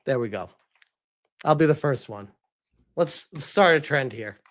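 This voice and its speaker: An exasperated man tearing into his subject on a live stream, swearing again and again. His pitch leaps and dives as he rants, very animated and full of heat. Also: unhurried. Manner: heated, profane, exasperated. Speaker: gaming streamer.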